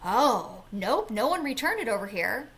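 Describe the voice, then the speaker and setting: A woman in her thirties chats casually on a podcast, her voice a touch high. She tells a story with lots of energy, playing out each exchange and swearing freely. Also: a little slow. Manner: animated, acts out the people in her story, swears. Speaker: podcast co-host.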